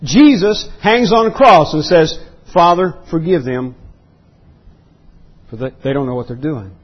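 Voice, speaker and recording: A man preaching an expository sermon as pastor, emphatic, often clearing his throat and repeating words. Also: fairly high pitch, expressive, a little slow, dull audio. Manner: emphatic preaching that rises into voiced outbursts.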